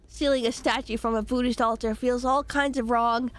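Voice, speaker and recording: Chatty woman streamer with a slightly hoarse voice. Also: fairly high pitch, fairly even intonation, normal speed, hardly any pauses. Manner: chatty, giggly, playful. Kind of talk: casual game-stream chat.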